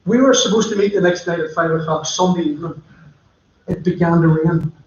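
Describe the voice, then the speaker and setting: A man's voice: on the high side, fairly quick, a little mellow, slight background noise. A man preaching a sermon, telling stories in a chatty way and speaking straight to his listeners. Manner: chatty storytelling, addressing listeners directly. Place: church. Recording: echoey, muffled church livestream.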